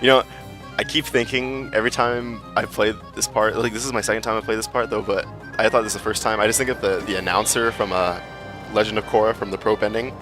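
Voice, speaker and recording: A man's voice: fairly low pitch, steady tone, quick pace, over music. A young man giving casual, chatty gameplay commentary, swearing freely and cracking jokey asides. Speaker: let's play gamer.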